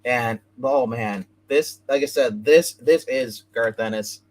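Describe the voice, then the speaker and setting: A man hosting a casual comic book review, rambling as he retells scenes and tosses in quick bits of dialogue. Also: mid-range voice, darkish tone, low-quality recording.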